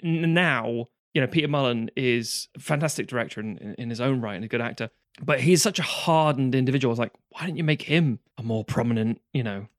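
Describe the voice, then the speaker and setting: Man, rapid speech, rambling podcast chat, dry sound. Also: mid-range voice, no echo. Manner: rambling, restarts a lot, swears casually. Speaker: podcast co-host. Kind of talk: casual film discussion.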